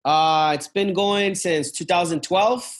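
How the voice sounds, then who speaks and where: A man's voice: sits high, takes it slowly. A travel business owner talking casually about his company, with frequent fillers, restarts and "man". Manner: rambling, many fillers and restarts; uses "man" and "dude" often.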